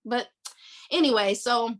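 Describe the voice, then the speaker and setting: Animated woman telling a story, slightly high. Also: a little slow. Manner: animated storyteller retelling scenes with acted quotes. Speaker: podcast host. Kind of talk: casual book-club chat.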